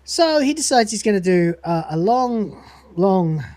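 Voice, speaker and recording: A man hosting a livestream, casually recapping a comedy episode, swearing and rambling, reading out lines in quick voices. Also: high voice, very animated, darkish tone, no echo. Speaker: podcast host.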